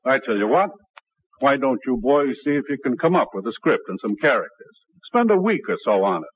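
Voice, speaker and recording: An actor playing a measured, businesslike radio station head in a 1950s radio drama. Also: male voice, mid-range voice, sing-song, slightly rough. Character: cautious male radio station boss. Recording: tinny old radio broadcast.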